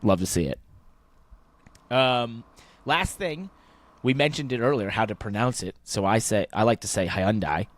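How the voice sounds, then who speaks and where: This motorsport podcast co-host, a man in his thirties, keeps the casual chat enthusiastic and full of fillers even as his voice wears out. His mid-range voice is animated and moves at a normal speed.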